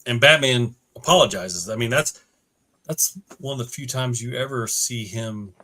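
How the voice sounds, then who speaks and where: A man's voice: mid-range voice, normal speed, bright, forceful tone. A man co-hosting a comic book podcast, earnestly recapping the plot with many "you know"s. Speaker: podcast co-host. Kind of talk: casual comic book discussion.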